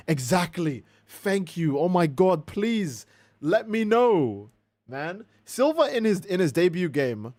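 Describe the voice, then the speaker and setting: Animated, profane man streaming a game. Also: a little high, moderate pace, no echo. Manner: animated, profane, exasperated ranting. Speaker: livestream gamer host. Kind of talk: casual livestream chat.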